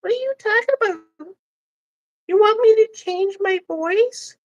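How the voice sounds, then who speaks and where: A man putting on a squeaky clingy girlfriend. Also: measured pace, muffled recording. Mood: indignant. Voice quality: squeaky falsetto.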